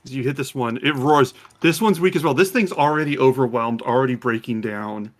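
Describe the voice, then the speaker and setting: A man running a tabletop game as game master, who slows down when he describes the monsters. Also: mid-range voice, soft background music.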